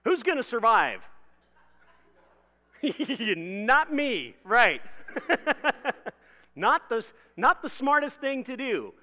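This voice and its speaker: A man's voice: extremely high pitch, big pitch swings, extremely slow, long pauses, bright, forceful tone, in a large hall. A man preaching a sermon in a conversational way, building vivid everyday illustrations and laughing at his own jokes.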